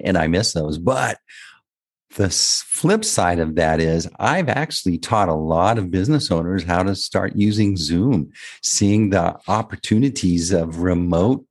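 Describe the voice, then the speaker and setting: A man's voice: deep voice, normal speed, a little mellow. A male podcast host and business owner talking casually, often restarting and repeating words.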